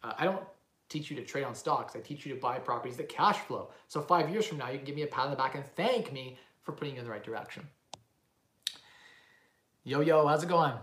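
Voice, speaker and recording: In a casual livestream chat with live questions, a young man from Canada, a real estate investor, rambles self-assuredly, often restarting and using fillers. His mid-range voice is brisk and a touch bright, recorded in a room with lots of echo.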